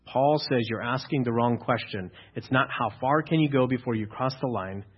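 A pastor preaching a sermon, building to loud, emphatic exhortation at times. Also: male voice, mid-range voice, normal speed, slightly rough, highs cut off.

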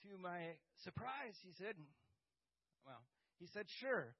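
A man, a pastor, telling a personal story to a group with halting speech, many fillers and dry humor. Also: high-pitched, sing-song, creaky, lo-fi sound.

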